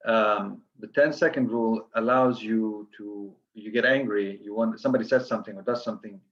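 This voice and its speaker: A man's voice: on the low side, fairly even intonation, brisk, a bit bright, highs cut off. A man giving an earnest coaching lecture to physicians, listing steps with frequent restarts.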